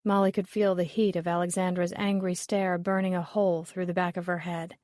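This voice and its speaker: A woman with a lowish voice works as an audiobook narrator, reading a scripted mystery in a measured, even way. There's no room sound, and the recording is studio quality.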